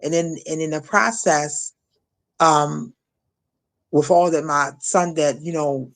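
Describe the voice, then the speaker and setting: Woman telling her story haltingly. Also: deep voice. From Maryland. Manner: halting, repeats words, acts out quoted voices. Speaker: guest, shooting survivor. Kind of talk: emotional personal testimony.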